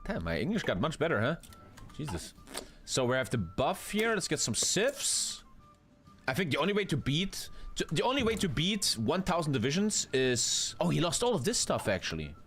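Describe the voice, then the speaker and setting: Animated German-accented streamer. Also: male voice, fairly high pitch, moderate pace, faint music behind. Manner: profane, rambling, bro-talk. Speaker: game streamer. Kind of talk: casual live gaming commentary.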